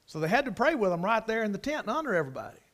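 A man's voice: high-pitched, very animated, racing, fairly bright tone. A middle-aged man preaching a sermon in a folksy manner, swelling into emphatic bursts. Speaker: preacher, Bible college teacher.

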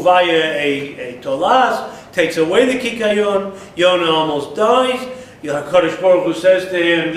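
A Torah teacher with a high voice leads a text-based Bible class, explaining Hebrew verses in English and rising emphatically whenever he voices the prophet. He is recorded on a distant mic in an echoey room, with slight background noise.

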